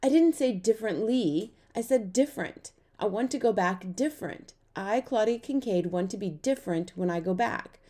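A woman's voice: mid-range voice, lively intonation, moderate pace, hardly any pauses, warm tone, close to an everyday voice. A woman voicing a dramatic, tearful young girl who is earnest and fussy about grammar, in an audiobook. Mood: upset. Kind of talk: audiobook character voice.

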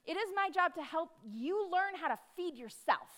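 Woman preacher, high bright voice, casual and emphatic, lots of dramatic pauses. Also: animated. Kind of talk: sermon.

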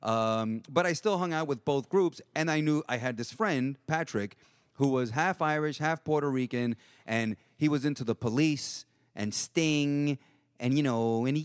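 A man's voice: a little high, animated, moderate pace, clear, resonant tone, dry recording, studio quality. A middle-aged man, telling a rambling street story in casual chat and swearing freely. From Jackson Heights, New York. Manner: profane, rambling, acts out voices.

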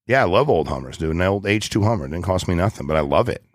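A man in his forties with a very low voice, chatting in an interview. He rambles, restarts and speaks bluntly in casual slang. The sound is dry and close to the mic. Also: animated, quick pace, no echo. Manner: rambling, blunt, drops into slang like "dude" and "ain't". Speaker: guest, business owner.

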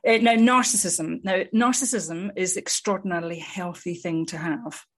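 A woman, a psychologist, explaining her field in a measured, articulate way with frequent ums. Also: lowish voice, a bit bright. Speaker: psychologist guest. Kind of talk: conversational expert explanation.

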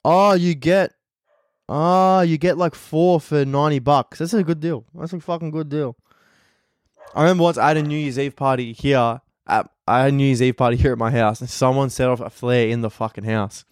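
A man's voice: mid-range voice, steady tone, a little fast, darkish tone, no echo, clean studio sound. A young Australian man, a comedian, telling rambling, profane stories in a casual podcast monologue from home.

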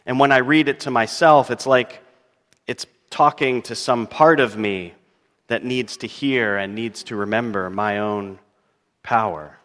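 Slow-speaking male pastor in reverberant church. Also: mid-range voice, fairly bright tone. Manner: reflective, musing, wondering aloud; reads scripture in a slow, measured cadence. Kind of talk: sermon. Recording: long reverb of a church hall.

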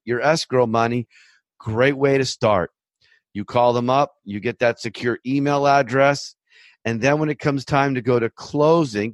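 A man's voice: medium pitch, no room sound. Emphatic man warning buyers, dry sound. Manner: emphatic, repetitive warnings, storytelling asides. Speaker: loan officer. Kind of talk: direct-to-camera advice talk.

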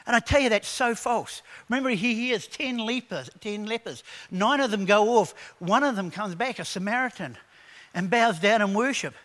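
A man preaching a sermon, animated and conversational, telling stories to his congregation. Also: high voice, normal speed. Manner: animated preaching with acted quotes; conversational storytelling. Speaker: pastor.

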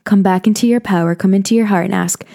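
A woman's voice: medium pitch, fairly even intonation, fast talker, gravelly, dark tone. A young woman hosting a podcast, talking casually and earnestly about spiritual self-help, with many "you know" and "like" fillers. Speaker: podcast host.

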